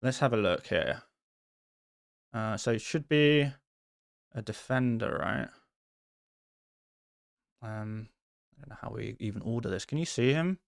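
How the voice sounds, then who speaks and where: A man's voice: mid-range voice, expressive, measured pace, vocal fry, pauses often, dry recording. A man talking on a live stream in an easygoing way, with a voice that rises and falls a lot. He jokes at his own expense and laughs often. His sound is close and dry, with no room around it. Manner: chatty, self-deprecating, laughs often. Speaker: fantasy football streamer. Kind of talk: casual live-stream chat answering viewer questions.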